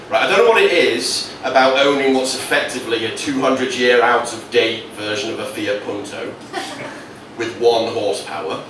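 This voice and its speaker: A man's voice: medium pitch, far from the mic. A man doing stand-up comedy, rambling into absurd stories. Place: comedy venue. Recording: echoey venue from afar, noisy.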